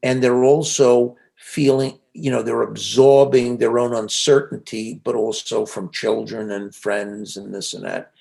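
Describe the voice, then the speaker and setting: A man's voice: mid-range voice, fairly even intonation, unhurried, creaky, hardly any pauses, a little mellow. A man being interviewed, telling reflective stories in a conversational way with frequent restarts. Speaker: interview guest, psychologist and author.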